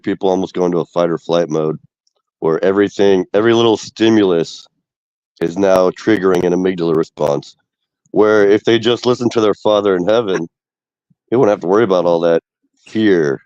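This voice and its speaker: A man with a head cold joins a stream panel, sounding nasal. His voice is very deep and he talks quickly, coming through a dull, dry lo-fi mic. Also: a little mellow, no room sound. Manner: fast, chatty. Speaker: panel guest. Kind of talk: casual panel discussion.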